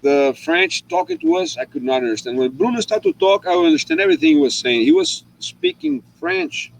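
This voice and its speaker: A man hosts a relaxed live chat over a video call. His voice sits slightly high and swings widely as he tells funny travel stories, stumbling and restarting often. There is some gravel in his tone. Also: a little fast, rough recording. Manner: animated storytelling with frequent restarts. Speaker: host.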